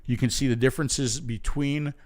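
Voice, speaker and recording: A man's voice: mid-range voice, fairly even intonation, moderate pace, a little mellow. A man from the United States hosting a live stream in casual, rambling chat, full of fillers and restarts and prone to ranting. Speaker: show host.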